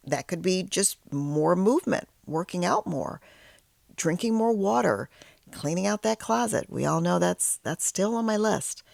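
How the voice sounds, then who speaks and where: In a dry recording, a woman with a fairly low, vocal-fried voice talks as a host and yoga teacher in training. Her manner is candid and self-deprecating as she tells a personal story and teaches conversationally, with soft whispered asides along the way.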